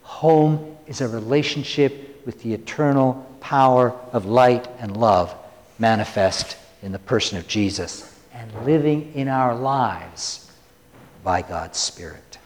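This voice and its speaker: Conversational pastor in a reverberant church. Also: male voice, mid-range voice, slow pace, a little hiss or hum. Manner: conversational, teasing the congregation, swinging from loud to hushed. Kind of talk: sermon.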